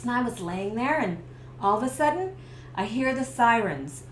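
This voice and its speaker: A woman's voice: fairly high pitch, normal speed. A middle-aged woman from Canada, a stress coach telling a personal story to camera and acting out the scenes. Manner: lively storyteller who acts out the scenes. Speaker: stress coach and business owner. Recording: roomy echo with faint background hiss.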